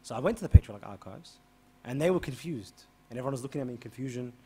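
A man, a priest answering an interview by telling a story, acting out the dialogue and getting louder as it heats up. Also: rapid-fire, slightly rough. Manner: animated, re-enacts dialogue with rising pitch and volume.

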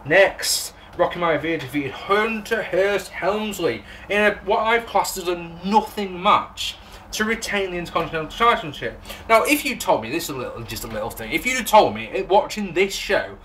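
A man's voice: high voice, lively intonation, normal speed, pushed and bright, a little hiss or hum. A man with an English accent, recapping and reviewing a wrestling show in a rambling, sarcastic way, swearing and laughing at his own jokes. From England. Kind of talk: casual recap and commentary.

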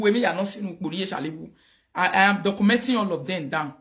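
A man's voice: sits high, fairly quick, fairly bright tone. A Nigerian man hosting a show, talking animatedly in a casual mix of Pidgin and Yoruba, laughing often. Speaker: show host. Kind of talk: casual live-show commentary.

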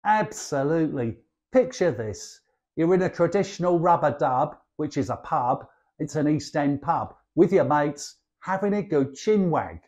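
A man's voice: a little high, lively intonation, a little slow, darkish tone. An older man with a Cockney accent from London's East End, explaining slang in a chatty, cheeky way as a lesson guest. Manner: chatty and cheeky, playful asides. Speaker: guest dialect speaker.

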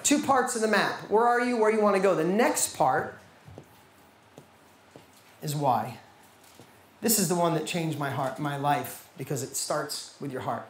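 A man's voice: sits high, moderate pace. A middle-aged man speaks from the stage at a training seminar in an emphatic motivational style. He keeps asking the audience questions and driving his points home. His voice rings through a large, echoing hall, with a faint hum of ambience behind it.

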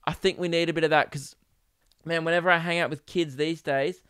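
A man's voice: a little high, a little fast, smooth, no echo, studio quality. Crude rambling podcast man. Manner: rambling, crude and deadpan with many fillers. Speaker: podcast host. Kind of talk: casual comedic monologue.

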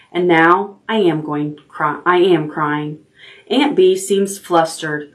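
A woman librarian reading a chapter book aloud at bedtime, calm and steady. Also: low voice, a little slow.

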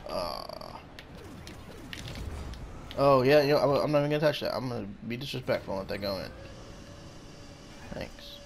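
Excitable man with a gravelly voice. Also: mid-range voice, moderate pace, long pauses, slight background noise. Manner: excitable, blurts out reactions and short shouts; talks to his opponent and himself. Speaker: gaming channel host. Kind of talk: casual gameplay commentary.

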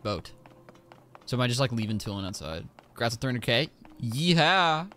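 A man streaming a video game, giving excitable, joking commentary as he plays. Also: medium pitch, a little fast. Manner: excitable, exclaims and jokes to himself. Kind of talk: live gameplay commentary.

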